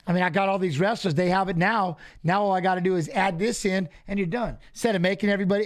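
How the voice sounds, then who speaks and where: A middle-aged man co-hosting a live fight watch-along, telling stories casually and acting out the dialogue he quotes. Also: high voice. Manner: animated, acts out quoted dialogue, repeats "I go". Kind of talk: casual storytelling on a live stream.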